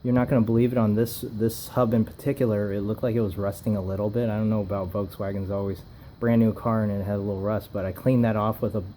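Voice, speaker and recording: A man's voice: on the low side, little pitch movement, fast talker, mellow, slight background noise. A man casually narrating his own car work, rambling with fillers and self-corrections, filmed on a camera mic in a garage.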